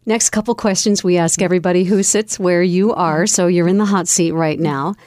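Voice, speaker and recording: A woman hosting a broadcast interview, asking measured, encouraging questions. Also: fairly low pitch, steady tone, darkish tone, no echo, clean studio sound. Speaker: interview host.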